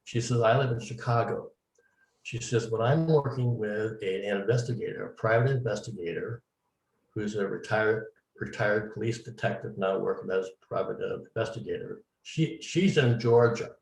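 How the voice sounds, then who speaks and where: A man's voice: fairly low pitch, normal speed, vocal fry, a little mellow. A man being interviewed, telling his story casually and acting out the dialogue he quotes. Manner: recounts events at length, acting out quoted dialogue. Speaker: interview guest, medium. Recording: roomy, distant mic.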